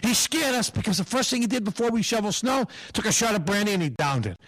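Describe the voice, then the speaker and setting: A male stand-up comedian tells punchy stories about his Italian-American family. His voice is high for a man and jumps all over the place as he builds each joke. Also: fast. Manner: animated, punchy storytelling.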